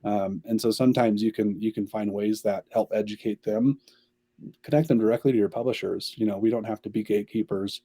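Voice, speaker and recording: A man's voice: on the low side, steady tone, brisk, dark tone, husky, no echo. A man, a company chief executive, answering interview questions at length in an upbeat way. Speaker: agency CEO, podcast guest.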